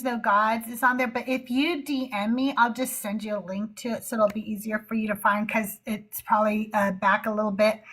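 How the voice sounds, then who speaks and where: A woman host talking on a livestream, close to the mic. Her slightly high voice moves at a slow, earnest pace, full of pauses and fillers. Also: sharp tone. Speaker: host of a live call-in show. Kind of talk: casual livestream talk.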